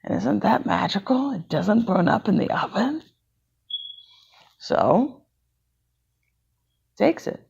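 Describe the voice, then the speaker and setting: A woman storyteller narrating a children's tale in an animated way, acting out each character. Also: medium pitch, slow, creaky, pauses often, husky, muffled recording. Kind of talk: bedtime-style storytelling.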